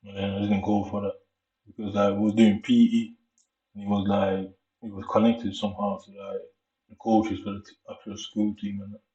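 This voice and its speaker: A lowish, level, mellow voice belongs to a young Jamaican vlogger with a Jamaican accent. He tells a lengthy, wandering story in a casual, slangy, unhurried way, and the recording has the echo of the room and the dullness of a distant mic.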